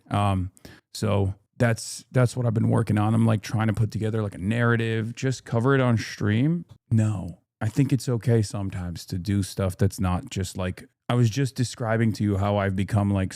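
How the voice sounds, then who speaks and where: Low, dark-voiced man chatting on stream. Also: dry recording, clean studio sound. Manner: rambling, many restarts and fillers, reads chat aloud. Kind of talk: casual live-stream chat.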